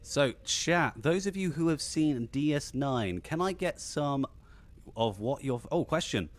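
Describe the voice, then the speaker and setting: A podcast host from England with a slightly posh southern English accent runs a casual live stream, his voice on the high side and a little slow. He is animated and rambling, restarting his sentences many times.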